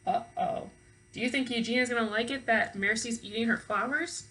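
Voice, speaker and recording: A woman teacher reading a children's book aloud expressively, pausing to ask her young listeners questions. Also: a little high, pushed and bright, poor audio.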